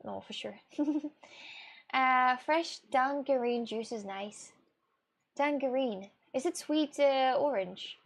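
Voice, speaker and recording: A young Russian woman live streamer speaks slowly in a high voice. She chats casually and rambles with her viewers, gasping and restarting as she goes.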